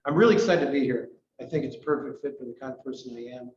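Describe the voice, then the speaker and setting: A middle-aged man from Canada giving a rambling, hurried, self-deprecating talk to his club at a breakfast meeting. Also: medium pitch, darkish tone. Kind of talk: informal members' talk. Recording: roomy, distant, dull recording with faint noise.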